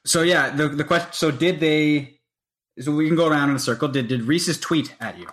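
A man's voice: on the high side, brisk, fairly bright tone. A man from Canada co-hosting a casual podcast chat, rambling, restarting his sentences and swearing offhand. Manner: rambling, self-interrupting, sweary. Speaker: podcast co-host.

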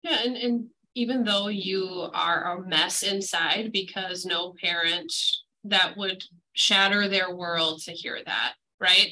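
A woman's voice: mid-range voice, fairly even intonation, slow, hardly any pauses, sharp tone, low-quality recording. A woman speaking as a guest on a podcast, earnest and reassuring as she gives practical advice. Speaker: school mental health guest. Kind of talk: podcast interview.

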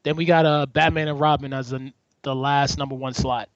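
A man co-hosting a podcast in casual chat, animated and joking, often restarting his sentences. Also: medium pitch, a little fast, no room sound. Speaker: podcast co-host. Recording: dry, dull lo-fi sound.

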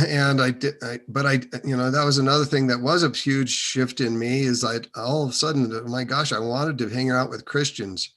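A man sits for an interview and tells his faith story at an easy, middle pitch. He wanders and restarts often, circling back to his point with plenty of fillers. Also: fairly even intonation, moderate pace, a bit bright. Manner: rambling, many restarts and fillers. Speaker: interview guest. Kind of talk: casual testimony.

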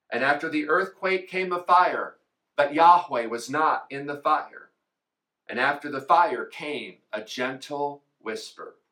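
Bright-voiced pastor preaching slowly. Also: male voice, mid-range voice. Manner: dramatic retelling, voicing biblical figures. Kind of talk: sermon. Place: church.

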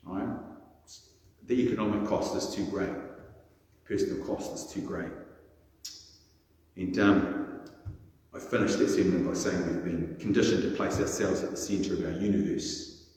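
A man's voice: low-pitched, steady tone, normal speed, pauses often, a little mellow. A man preaching a sermon in a conversational storytelling way, acting out quotes. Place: large echoey church. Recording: echoey church hall with long reverb.

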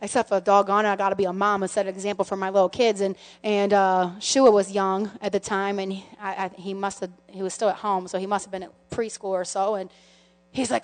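A middle-aged woman pastor telling personal stories in a sermon, animated and full of restarts, calling her listeners friends. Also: medium pitch, brisk. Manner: animated storytelling, many restarts, addresses the congregation as friends. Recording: long hall reverb.

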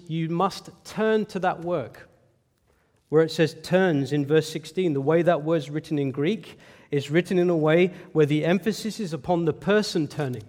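A man's voice: on the high side, darkish tone, long reverb tail. A male pastor preaching an earnest, emphatic sermon to a congregation, often asking rhetorical questions.

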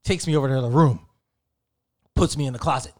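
A man in his thirties casually telling a story in an animated, slangy way, with frequent swearing. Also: medium pitch, brisk. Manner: animated, profane, slangy and conversational.

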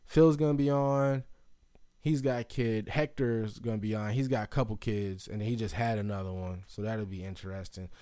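A man's voice: fairly low pitch, steady tone, normal speed, mellow, clean tone, no echo, clean studio sound. Rambling man hosting a casual podcast. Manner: rambling, loose, full of fillers and restarts. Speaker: podcast host. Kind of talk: casual solo podcast chat.

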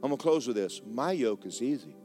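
A man's voice: medium pitch, animated, fairly quick, dark tone, soft background music. A man preaching a sermon as pastor, folksy and joking, repeating words for effect.

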